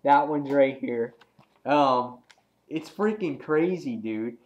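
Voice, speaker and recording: A man giving a casual, excitable comic book review, rambling with lots of "he's like" asides. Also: medium pitch, takes it slowly, lo-fi sound.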